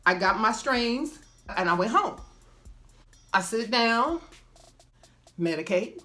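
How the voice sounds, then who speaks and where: A woman vlogger telling a funny personal story in a casual, animated way, acting out what people said. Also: sits high, a little slow, long pauses, soft background music. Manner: animated, laughing, acts out quoted people.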